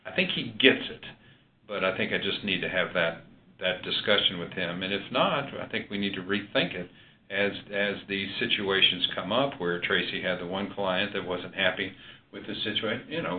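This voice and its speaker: A man talking in a business meeting, hesitant, with fillers and restarts. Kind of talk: casual meeting discussion. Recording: echoey, phone-like, faint rumble.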